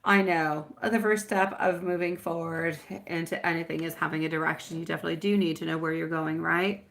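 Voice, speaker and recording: Woman, live tarot host, bright voice, giggly and chatty with viewers. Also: deep voice, fairly even intonation, brisk. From France. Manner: giggly, chatty, calls viewers sweetie and my love. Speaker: tarot reader hosting a live stream. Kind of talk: live tarot reading chat.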